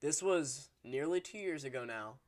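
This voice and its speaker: A man's voice: medium pitch, lively intonation, moderate pace. A man hosting his own fight-prediction channel, talking casually and with strong opinions, swearing and restarting sentences as he gets fired up. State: hiccuping. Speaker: MMA prediction channel host. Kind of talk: casual solo commentary.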